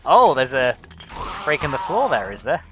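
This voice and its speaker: A young man giving a let's play commentary, chatting as he plays with sudden excited exclamations. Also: mid-range voice, normal speed, very noisy. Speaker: gaming video host. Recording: game sounds with insect buzz behind.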